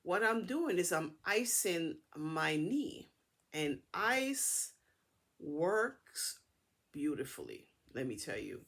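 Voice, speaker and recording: A middle-aged woman casually telling a personal story to her camera in a chatty, animated way. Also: lowish voice, slow pace, breathy edge. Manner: chatty, animated retelling with acted-out dialogue. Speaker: vlogger.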